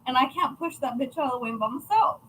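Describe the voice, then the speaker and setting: A woman livestreaming from her craft shop, swearing freely and poking fun at herself. Her voice sits high and swings wildly up and down, with a bright, sharp edge. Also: lively intonation, fast, slight background noise, rough recording. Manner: chatty, profane, self-mocking. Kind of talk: casual livestream chat.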